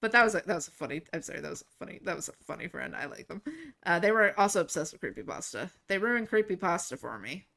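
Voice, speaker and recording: A young woman livestreamer telling a story casually while gaming, rambling and animated, laughing and swearing often. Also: fairly low pitch, fast, vocal fry.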